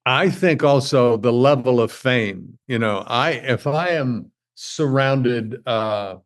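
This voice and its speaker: A man with a mid-range voice is a guest on a podcast, chatting casually. He speaks haltingly and self-deprecatingly, often repeating words.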